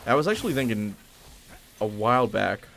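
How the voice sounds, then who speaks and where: A man's voice: medium pitch, animated, normal speed, creaky, fairly bright tone, a little hiss or hum. A young man streaming a video game, chatting casually and rambling, often correcting himself and laughing. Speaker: gaming streamer. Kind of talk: casual live commentary over gameplay.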